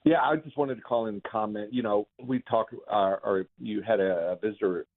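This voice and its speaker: A man calling a radio show on speakerphone, friendly and earnest, speaking in halting phrases. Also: lowish voice. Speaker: radio caller. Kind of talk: casual phone chat. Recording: tinny speakerphone line.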